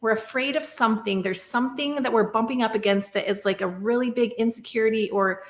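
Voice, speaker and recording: A woman's voice: a little high, quick pace. Woman, thirties, podcast guest, reflective casual chat, peppered with "like" and "right?", roomy echo. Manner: reflective, many fillers like "like" and "right?".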